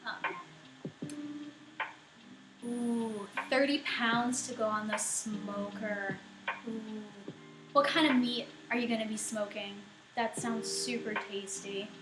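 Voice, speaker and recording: A woman's voice: a little high, fairly even intonation, takes it slowly, long pauses. Giggly young woman streaming from her kitchen. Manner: giggly, laughs often. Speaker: live streamer. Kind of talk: casual live-stream chat answering viewers. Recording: roomy echo with faint music.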